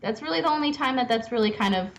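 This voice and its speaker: A woman's voice: fairly high pitch, expressive, fast talker, a little hiss or hum, rough recording. A young adult woman, a podcast guest, chatting casually and laughing often as she shares stories. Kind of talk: casual interview chat.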